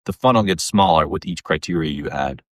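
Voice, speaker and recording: Man, comedian rambling on his podcast, deep voice, animated and swearing a lot. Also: brisk, no room sound. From Canada. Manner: animated, profane, acts out quoted voices with big pitch jumps. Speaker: comedian host. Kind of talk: casual solo podcast rant.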